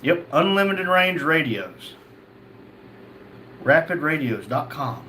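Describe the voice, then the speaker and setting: A man talks easily as he hosts a live stream, reading off viewer names and messages. His voice sits a bit high for a man, and he answers each comment in a loose, friendly chat. A faint noise runs under the recording. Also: sing-song, takes it slowly, bright, forceful tone. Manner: reads chat names aloud, chatty and easygoing. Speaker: livestream host reading chat.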